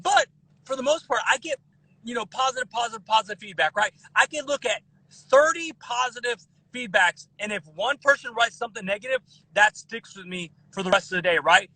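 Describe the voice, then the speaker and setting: A man in his thirties guesting on a podcast, talking in an animated way with lots of restarts and repeated words. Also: very high-pitched, brisk, no room sound, rough recording. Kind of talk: casual podcast chat.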